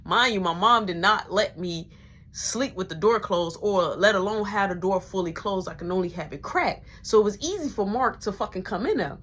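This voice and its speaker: A woman's voice: mid-range voice, lively intonation, normal speed, a bit bright. A young adult woman telling a profane, slangy personal story in a casual monologue, dropping into whispers when she quotes people.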